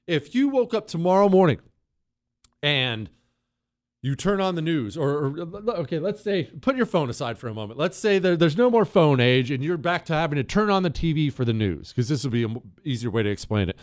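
A middle-aged male radio host talking through a lively, emphatic monologue with a voice that rises and falls widely. He sits close to a studio mic in a dry, dead room, and his fairly high voice jumps between hurried bursts and stretched-out points. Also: no echo. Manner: animated, emphatic, quick asides and put-on quoted voices. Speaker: radio talk show host.

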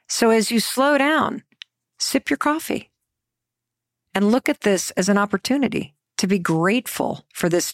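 Energetic woman giving a motivational talk. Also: medium pitch, no echo, clean studio sound. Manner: energetic, coaching tone with rhetorical questions.

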